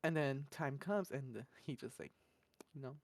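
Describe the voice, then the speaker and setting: A slangy, blunt podcast host tells a long story in loose, casual chat, laughing often and padding with "da, da, da." The voice sits at a middling pitch and sounds dry and close. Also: a little slow, darkish tone, no echo. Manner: rambling, laughs often, fills gaps with "da, da, da".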